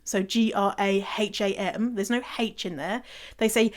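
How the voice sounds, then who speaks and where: A chatty middle-aged woman from England talks casually on her solo podcast. Her English accent is softened by Canadian sounds, and she laughs often and spells words out letter by letter. Her pitch sits in an ordinary middle range. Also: normal speed. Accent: English, mixed with Canadian. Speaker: podcast host.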